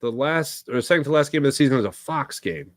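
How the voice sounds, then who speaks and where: Young guy doing a live sports stream, super animated, reading chat, dry close sound. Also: mid-range voice, quick pace, dry recording. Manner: energetic and rambling, reads viewer comments aloud. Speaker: sports talk host.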